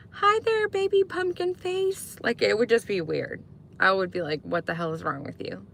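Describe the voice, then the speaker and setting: A woman's voice: bright, forceful tone, a little hiss or hum. A woman live streaming in casual chat, talking to viewers and answering their comments. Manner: chatty, answers chat comments, mimics sweet talk in high voice.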